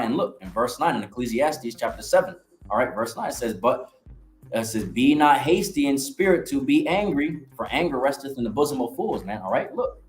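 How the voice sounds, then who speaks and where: Brief: man of middle pitch, casual street preacher, cusses freely, reads verses aloud, roomy echo, faint music under. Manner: blunt and profane, with repeated "all right?" check-ins. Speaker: ministry member giving testimony. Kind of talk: casual preaching testimony with scripture reading.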